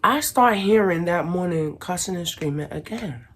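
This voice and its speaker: A woman from Brooklyn, telling a casual storytime to her viewers and acting out the shouting in it. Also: on the low side, moderate pace, a little hiss or hum. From Brooklyn, New York. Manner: animated, acts out shouted quotes. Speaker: vlogger.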